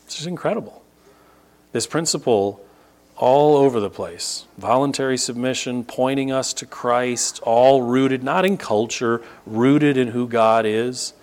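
A middle-aged male pastor preaching a sermon. He teaches the congregation emphatically and repeats words for stress. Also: a little slow. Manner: emphatic, rises to sharp high bursts and repeats "no, no, no"; teaching, explains Greek grammar to the congregation.

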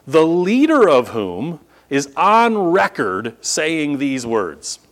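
A man's voice: fairly high pitch, huge pitch swings, slow pace. A male pastor preaching a sermon, firing rhetorical questions at his congregation and acting out disbelieving reactions. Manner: acts out incredulous reactions. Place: church sanctuary at a podium.

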